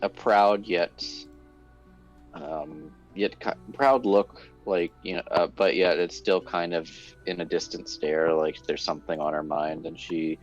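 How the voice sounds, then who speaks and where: A very deep-voiced man runs a tabletop game, narrating in a halting way with many fillers and restarts. The sound is muffled and lo-fi, with faint music underneath. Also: fairly even intonation. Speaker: game master.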